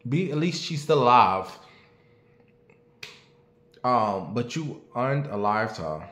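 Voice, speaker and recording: Man, late 30s, show host doing casual commentary; blunt and profane, mid pitch, echoey room. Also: lively intonation, slow pace, fairly bright tone. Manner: blunt, profane and talkative, asking the audience questions. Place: at home.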